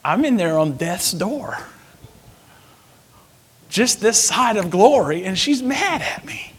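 A man preaching a sermon, telling a personal story with animated, sudden loud outbursts. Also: high voice, slow pace, breathy edge.

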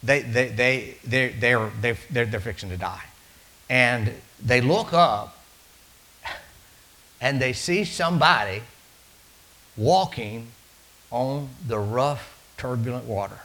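A male preacher with a drawl delivers his sermon like a story told from the pulpit. His voice is bright and forward, sitting at an ordinary middle pitch. He swings from loud, ringing calls down to hushed, near-whispered asides. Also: takes it slowly, long pauses, poor audio.

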